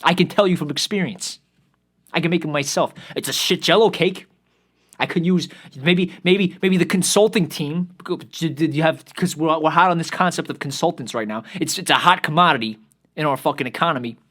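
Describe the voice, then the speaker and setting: A man's voice: fairly high pitch, brisk, a bit bright. Heated, foul-mouthed man ranting. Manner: heated, swears constantly, repeats and restarts. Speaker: podcast host. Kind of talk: profane solo rant.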